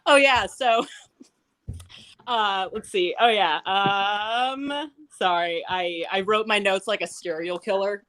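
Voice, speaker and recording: A woman's voice: medium pitch, takes it slowly, fairly bright tone. A young woman performing a stand-up comedy set, chatty and rambling, often laughing at her own jokes.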